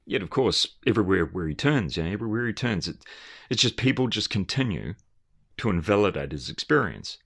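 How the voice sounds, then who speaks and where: A man's voice: on the low side, very animated, fairly quick, a bit bright. A man giving a rambling, earnest and emphatic commentary, often restarting his phrases. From Australia.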